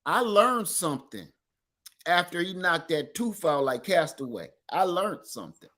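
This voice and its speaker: High bright-voiced east texas guy, animated folksy storyteller on a livestream chat. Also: a little slow. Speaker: livestream co-host. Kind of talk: casual chat.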